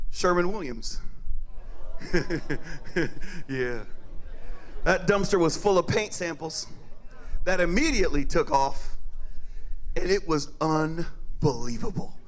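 Animated man telling a comic story. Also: fairly high pitch. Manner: animated, loud sound effects and acted-out voices. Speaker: comedian. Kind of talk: stand-up storytelling.

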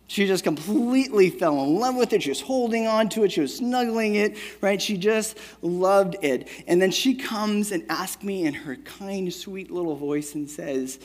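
A man in his thirties preaching a sermon in a casual, conversational way, often checking in with "right?" and telling a family story. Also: high-pitched. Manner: conversational, keeps asking "right?". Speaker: pastor. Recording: long hall reverb.

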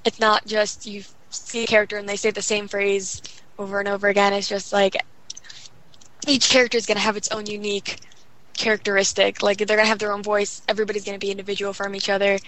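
A young woman chatting casually about games, talking quickly and rambling with lots of fillers. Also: medium pitch, flat delivery, fairly bright tone, poor audio. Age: young adult. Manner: rapid, rambling, full of fillers. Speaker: guest gamer. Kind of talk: casual chat.

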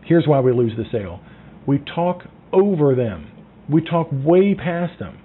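A man giving sales coaching in a lively way, acting out phone calls and lowering his voice for effect. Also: unhurried, slight background noise. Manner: animated, acts out phone calls, drops to a low voice. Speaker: sales trainer. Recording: tinny phone-like sound.

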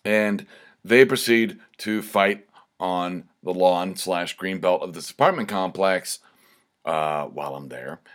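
A man with a very low, deep voice tells a personal story in a loose, rambling way. He keeps circling back with fillers and side comments as he talks. It sounds like casual spoken storytelling. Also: takes it slowly, fairly bright tone. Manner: rambling, conversational, with fillers and asides.

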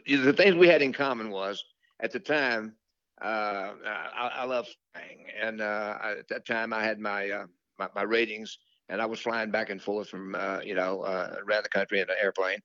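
A man's voice: on the low side, moderate pace, pushed and bright, no echo, lo-fi sound. An older man, a country singer telling rambling stories from his career in an interview, full of fillers and restarts. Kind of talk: relaxed storytelling interview.

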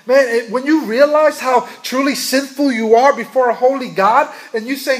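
A male pastor with a notably high voice delivers a sermon. He speaks earnestly and keeps turning to the congregation with questions. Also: normal speed, few pauses.

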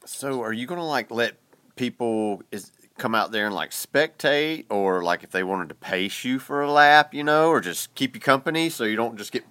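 A man's voice: medium pitch, normal speed, fairly bright tone, no echo. A man interviewing a guest casually, encouraging and filling his questions with likes and you-knows. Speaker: podcast interviewer.

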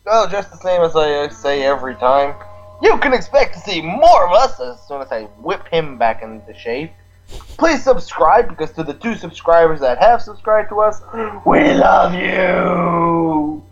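A podcast co-host in casual chat, enthusiastic and quick to laugh. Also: mid-range voice, very animated, soft background music. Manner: giggly, enthusiastic. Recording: dull lo-fi recording.

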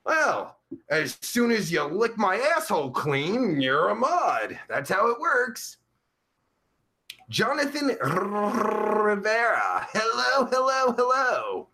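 Man doing a vulgar rambling streamer, bright tense voice, unhurried. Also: high voice, wildly swooping pitch, a little hiss or hum, full character voice. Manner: profane, crude, rambling. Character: crude vulgar man livestreamer, Pervert Pete. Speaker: livestream host. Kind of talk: live chat comedy stream.

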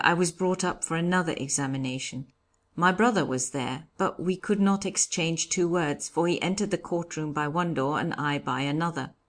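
Woman reading a story out loud, kinda low voice, steady pace. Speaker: audiobook reader. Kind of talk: first-person story narration.

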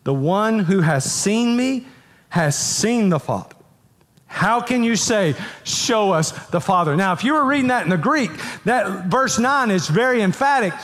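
Speaking at a measured pace, this man has a high, fairly bright voice with lively intonation. He's a pastor delivering an emphatic sermon in a church sanctuary, repeating phrases and getting the congregation to read verses along with him, all under the long reverb of a big hall.

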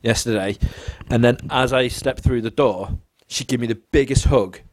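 A man, chatting casually as a podcast co-host and telling animated stories, jumping into the voices of people he quotes. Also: moderate pace, no room sound. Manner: animated, acts out quoted voices with big pitch jumps. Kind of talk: casual storytelling chat.

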